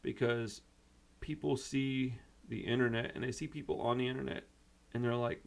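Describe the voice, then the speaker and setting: A man's voice: medium pitch, fairly even intonation, moderate pace, gravelly. A man hosting a punk rock channel, upset and venting in a rambling, casual way that is full of "dude" and "bro.".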